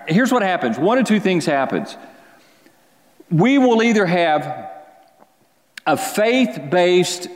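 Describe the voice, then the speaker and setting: A man preaching a sermon as pastor, speaking earnestly and conversationally, restarting phrases and pausing for emphasis. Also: fairly high pitch. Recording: long reverb of a large hall.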